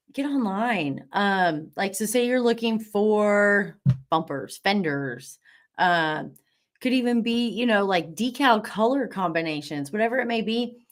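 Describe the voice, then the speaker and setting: A woman's voice: mid-range voice, expressive, a little slow. A woman hosting a live online class, bubbly and encouraging, reading out viewer comments with lots of fillers.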